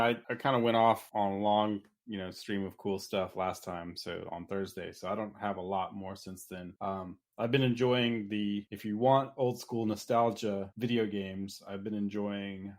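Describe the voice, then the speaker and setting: A man chatting casually on a podcast in a laid-back, easygoing way. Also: fairly low pitch.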